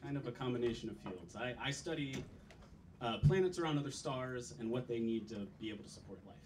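A man's voice: medium pitch, lively intonation, a little fast, a little mellow. A man, a scientist brought up from the audience, giving modest, hesitant answers. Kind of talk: casual on-stage chat. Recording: distant mic with audible noise.

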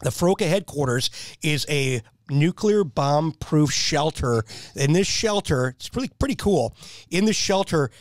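A man's voice: a little high, expressive, unhurried, dry recording, clean studio sound. A man in his fifties, a military veteran, telling stories in a rambling, enthusiastic way as a podcast guest. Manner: enthusiastic, rambling storyteller who repeats himself. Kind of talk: casual storytelling.

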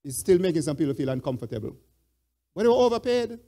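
Man, high voice, church elder, Bible study teaching, repeats points, asks the group to fill in answers. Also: big pitch swings, fast, dark tone.

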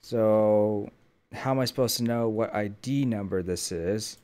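A man's voice: fairly low pitch, measured pace, darkish tone, slight background noise. A young man hosting a gaming channel, wearing headphones and talking to himself with jokey running commentary as he plays. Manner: jokey running self-talk. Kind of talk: gameplay commentary. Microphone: headphones with mic.

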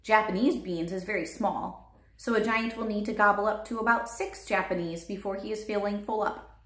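A woman's voice: mid-range voice, steady tone, normal speed, a bit bright, close to an everyday voice. A woman voicing a big, friendly male giant who bumbles through made-up words with a folksy lilt, read aloud in a roomy space. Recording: roomy echo.

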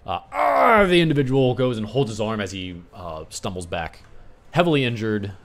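A man's voice: on the low side, expressive, fairly quick. A man running a tabletop game as game master, narrating scenes with spoken sound effects over an online voice chat mic.

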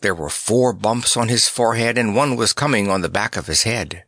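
A man narrating a children's audiobook in a measured, expressive way. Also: lowish voice, no echo.

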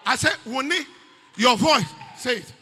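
A man with a Ghanaian accent preaches into a microphone in church, raising his voice to a shout on each point. His voice sits very high and sounds sharp and bright. His pitch swings widely as he drives the message home. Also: lively intonation, measured pace, husky, in a large hall. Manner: preaching, often shouting with rising emphasis. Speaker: pastor. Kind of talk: sermon.

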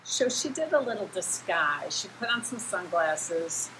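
A woman giving a children's sermon, telling a Bible story in an animated way and acting out the voices of the people in it. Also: lowish voice, a little slow, noisy background. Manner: animated, acts out quoted voices, talks straight to kids. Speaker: children's message leader.

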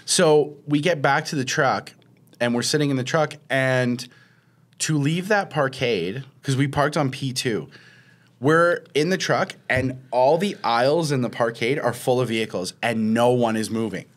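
A podcast co-host tells a story in casual conversation, his mid-range voice unhurried. When quoting people, he acts them out with a raised voice.

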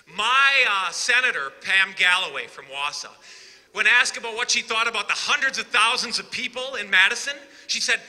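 A man giving an impassioned political rally speech, rising to shouted emphasis with sarcastic asides. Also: sits high, lively intonation, moderate pace. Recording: long reverb of a large hall.

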